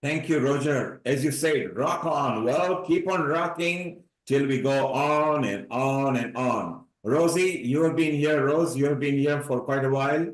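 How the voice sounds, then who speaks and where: A man's voice: medium pitch, measured pace, few pauses. A man hosting a live online celebration, moderating speakers in an upbeat, rambling way over a video call. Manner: upbeat, rambling, folksy phrasing. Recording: roomy echo.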